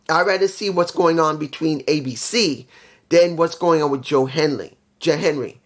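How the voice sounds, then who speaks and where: A man giving a casual, opinionated review in a blunt, profane way, often repeating phrases for emphasis. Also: on the high side. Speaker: wrestling show reviewer.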